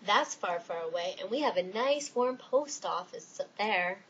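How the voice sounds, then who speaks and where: A woman's voice: mid-range voice, lively intonation, unhurried, fairly bright tone, dull audio, a little hiss or hum. A woman doing a prim postal clerk. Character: cheerful postal clerk, easily offended.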